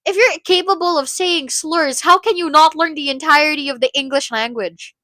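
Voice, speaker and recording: A young woman from the Philippines with a Filipino accent, ranting in casual chat on a livestream, animated and opinionated. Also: sits high, moderate pace, no room sound, studio quality. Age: young adult. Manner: animated, opinionated rant, code-switching.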